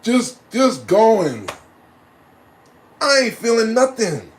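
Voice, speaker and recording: A man telling a personal story in a casual, animated way, often laughing and adding "right?" to his lines. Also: sits high, slow pace, noisy background. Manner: acts out voices and loud cries.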